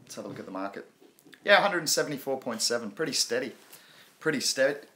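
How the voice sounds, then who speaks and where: Bright, forward-voiced male streamer; loose, rambling delivery, reads chat aloud between points, frequent laughs. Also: mid-range voice, animated, fast. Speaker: crypto live-stream host. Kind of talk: casual live-stream chat.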